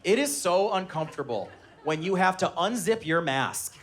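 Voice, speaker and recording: A man in his thirties doing a high-energy stand-up comedy set on a live stage, shouting his punchlines. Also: expressive, moderate pace. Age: 30s. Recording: live room with audience laughter.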